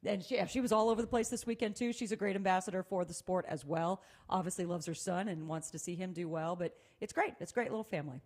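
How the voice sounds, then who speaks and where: A middle-aged woman co-hosting a casual chat, telling lively stories and laughing often. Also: on the low side, fast talker, few pauses. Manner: animated storyteller, laughs often. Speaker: co-host.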